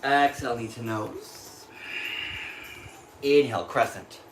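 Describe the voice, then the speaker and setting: A man's voice: mid-range voice, slow. An American man guides a yoga flow, cueing each inhale and exhale as he moves and running a bit short of breath. His voice bounces around a roomy studio, with a faint hum underneath. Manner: calm cueing of breath and poses, breathy while moving through the flow. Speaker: yoga instructor. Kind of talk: guided yoga class cues.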